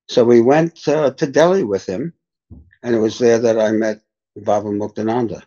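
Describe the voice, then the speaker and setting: Older male spiritual teacher, mellow husky voice, dull lo-fi sound, unhurried storyteller. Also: medium pitch. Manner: unhurried, reflective anecdotes. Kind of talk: storytelling in a podcast interview.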